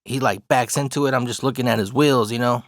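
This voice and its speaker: A man's voice: medium pitch, fairly even intonation, brisk, no room sound, clean studio sound. Man telling a profane story. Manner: profane, laughs through the story. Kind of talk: casual personal storytelling.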